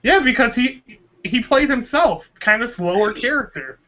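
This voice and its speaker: A man's voice: very high-pitched, animated, normal speed, pushed and bright, muffled recording, slight background noise. A man co-hosting a casual podcast, blunt and exasperated, swearing freely. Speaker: podcast co-host.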